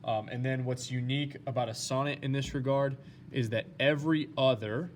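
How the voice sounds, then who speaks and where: Male teacher, mid-pitched, steady explainer over slides, faint hiss behind. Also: normal speed. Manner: plain, steady explaining with fillers. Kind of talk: recorded lesson talking through slides.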